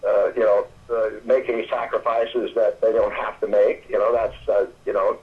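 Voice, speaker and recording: An older man from Atlanta, Georgia, calling in as a guest and telling stories in a halting, rambling way with many restarts. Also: fairly low pitch, little pitch movement. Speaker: phone-in guest. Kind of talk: casual storytelling chat. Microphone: telephone. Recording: tinny phone line.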